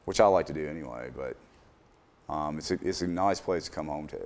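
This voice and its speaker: Middle-aged man, very low voice, hesitant interview guest. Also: darkish tone. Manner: unhurried, hesitant, many fillers and restarts. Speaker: business owner, interview guest. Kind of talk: casual interview answers.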